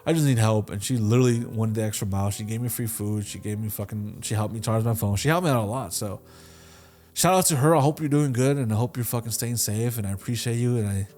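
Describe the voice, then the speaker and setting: A man's voice: lowish voice, a little mellow. Casual, swearing young man telling stories. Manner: loose and profane, full of fillers and restarts; acts out the people in his stories with quick voice shifts. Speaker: podcast co-host answering listener questions. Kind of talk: casual storytelling.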